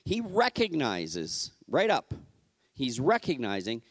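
A man preaches in a relaxed, conversational way, his pitch rising and falling freely. He talks like he is chatting with the congregation. The sound is dry, with no room echo. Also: slow. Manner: animated, casual, acts out the scripture quotes. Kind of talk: conversational sermon.

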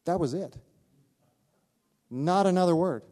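A man preaching, telling a personal story with animated delivery, acting out the voices of others and laughing at himself. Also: high-pitched, unhurried. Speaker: pastor. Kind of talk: sermon storytelling.

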